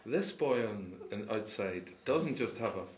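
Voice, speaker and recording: A man telling a folk tale to a live audience, chuckling often and dropping into quiet voices for the characters. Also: on the low side, expressive, measured pace. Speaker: storyteller. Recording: roomy live recording with audience.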